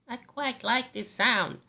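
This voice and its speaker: A man putting on the voice of an old lady who is charmed by the beeping sounds of a machine, speaking slowly and primly through giggles. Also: very high voice, creaky, pushed and bright, voice pushed up, full character voice. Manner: giggly, slow, prim delight.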